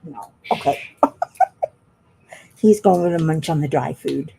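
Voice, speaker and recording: A woman's voice: low voice, normal speed, gravelly, noisy background. A woman chatting casually while she works on a craft at home, rambling and laughing often. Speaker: craft vlogger.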